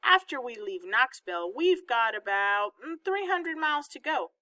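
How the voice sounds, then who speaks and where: A woman voicing a calm, organized mother. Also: sits high, moderate pace, no echo, voice pushed up, exaggerated voice. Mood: explaining plans. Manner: calm, explaining step by step. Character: organized, patient mother planning a trip.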